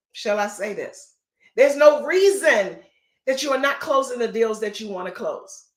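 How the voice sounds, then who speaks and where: A middle-aged woman real estate coach giving an emphatic, preachy motivational talk on a live stream. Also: high-pitched. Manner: emphatic, repetitive, preachy, folksy. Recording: echoey room.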